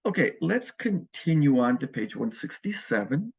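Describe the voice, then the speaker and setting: A man teaching a Spanish lesson in a relaxed, explanatory way, pausing often with ums and uhs. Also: fairly high pitch, gravelly, slightly rough. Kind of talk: recorded classroom lecture. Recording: muffled lo-fi recording.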